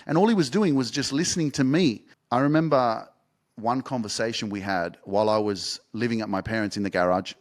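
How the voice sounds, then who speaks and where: A man's voice: mid-range voice, a little fast. A young man hosting a podcast, telling a personal story in a casual, rambling way and swearing freely. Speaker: podcast host and life coach.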